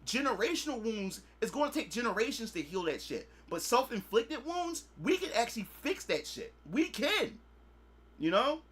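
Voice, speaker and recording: A man's voice: extremely high pitch, big pitch swings, normal speed, fairly bright tone, breathy edge. A man hosting a podcast, talking in a blunt, profane, lecturing way and leaning on repeated filler phrases. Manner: emphatic, preachy lecturing. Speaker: podcast host. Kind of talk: casual podcast monologue.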